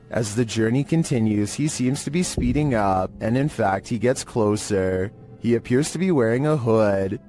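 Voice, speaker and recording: A man in a monotone, measured delivery, giving scripted narration as a horror countdown narrator. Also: on the low side.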